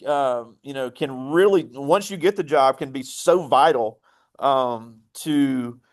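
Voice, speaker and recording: A man's voice: medium pitch, takes it slowly. A man hosting a casual interview, talking loosely and conversationally as he sets up his guest's points. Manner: conversational, with many fillers and restarts. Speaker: host.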